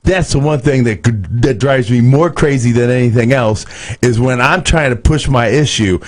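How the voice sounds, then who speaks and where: A man's voice: medium pitch, normal speed. A man, a radio DJ animatedly telling a story and acting out quotes. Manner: animated, acts out quotes, repeats words. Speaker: radio DJ co-host. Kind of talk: storytelling banter.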